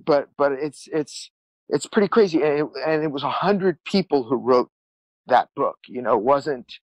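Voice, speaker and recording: A man's voice: mid-range voice, lively intonation, normal speed, no room sound, poor audio. A man telling his life story as a podcast guest, earnest and rambling, repeating words and acting out what people said. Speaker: guest musician. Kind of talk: candid storytelling interview.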